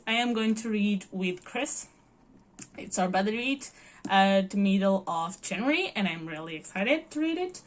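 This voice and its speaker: A woman's voice: a little high, fairly bright tone. Young woman from Portugal, bubbly, giggly, gushing book vlogger, casual chat. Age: early 20s.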